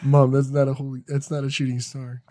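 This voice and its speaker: A man's voice: medium pitch, monotone, fairly quick, mellow, dry recording, studio quality. A man co-hosting a casual podcast, joking and laughing often as he chats. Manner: jokey, laughs a lot, swears. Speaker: podcast co-host. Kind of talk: casual chat.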